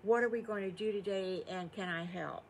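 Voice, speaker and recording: A woman's voice: mid-range voice, normal speed, a little mellow, a little hiss or hum, close to an everyday voice. An older woman voicing an eager, polite young male wolf in a made-up children's story. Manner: cheerful, earnest, childlike.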